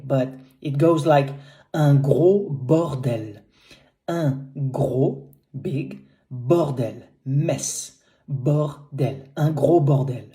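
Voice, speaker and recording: A woman teaching French vocabulary, saying each word slowly and carefully and repeating it. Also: sits low, warm tone.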